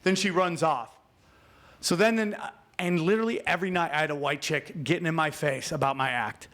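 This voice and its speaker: A man with a notably high voice tells comedy stories as a podcast guest. He rants in an animated, profane way, pushing hard on each point. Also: fairly quick. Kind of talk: storytelling in a podcast chat. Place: podcast studio.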